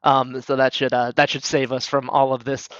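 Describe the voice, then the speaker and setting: A man's voice: medium pitch, little pitch movement, normal speed, fairly bright tone, dry recording, highs cut off. A man, a guest in a casual chat, joking in a wry, self-deprecating way.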